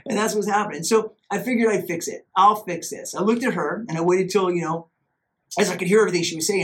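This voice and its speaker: A man hosting a podcast, telling a story casually in an animated, self-mocking way and acting out his own inner voice. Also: fairly high pitch. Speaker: podcast host.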